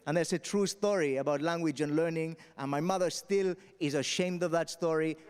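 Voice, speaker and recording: Animated comedian man on a stage. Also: on the high side, moderate pace, clear, resonant tone. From Spain. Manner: animated, punchy, frequent "all right?" asides. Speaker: stand-up comedian. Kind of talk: stand-up storytelling. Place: festival stage. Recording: long hall reverb.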